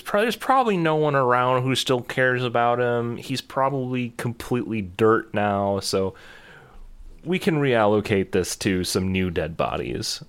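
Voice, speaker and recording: A man's voice: lowish voice, creaky. A man in casual chat, telling a travel story with lots of fillers and restarts.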